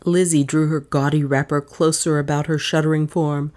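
A woman with a low voice narrating a mystery novel. Her telling is measured and even. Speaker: audiobook narrator. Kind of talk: scripted narration.

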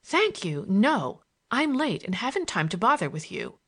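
A woman reading the lines of a playful, mocking young woman in an audiobook, her talk quick and breathless. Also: mid-range voice, very animated, a bit bright, slightly rough, heavily acted. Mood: teasing.

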